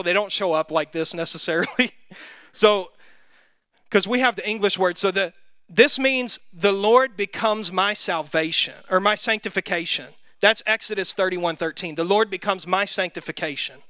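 A Southern man leads a Bible study in a bright, fairly high voice, throwing questions out to the group in a relaxed, conversational way. The sound is close and dry, with no room echo. He talks plainly and is quick to admit when he might be wrong. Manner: conversational, quizzes the group, self-deprecating. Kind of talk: interactive Bible class teaching.

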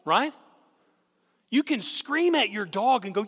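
A man's voice: high voice, big pitch swings, normal speed, pauses often, fairly bright tone, breathy edge. A man preaching a sermon as a guest speaker, telling stories with animation and putting questions to the congregation. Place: church sanctuary. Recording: long hall reverb.

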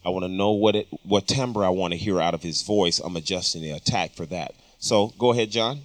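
Male studio instructor, low voice, casual explainer, dry close sound. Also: brisk, no room sound. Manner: explanatory, casual, with frequent ums. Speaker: audio engineering instructor. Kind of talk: studio tutorial talk. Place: recording studio.

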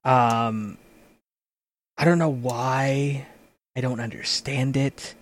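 A man's voice: medium pitch, steady tone, takes it slowly. A man in casual chat as a game master and host, rambling with frequent restarts and casual swearing.

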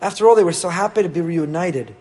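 A man's voice: high voice, fast, warm tone, soft background music. A man, a rabbi giving an emphatic Torah sermon, full of rhetorical questions and rising with feeling.

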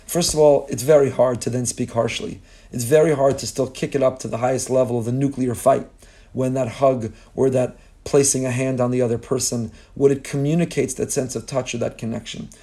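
Warm-voiced man giving an impassioned sermon. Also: medium pitch, steady tone, fairly quick. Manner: impassioned, repetitive rhetorical lists; mixes in Hebrew phrases. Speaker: Torah teacher. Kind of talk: sermon-style Torah lecture.

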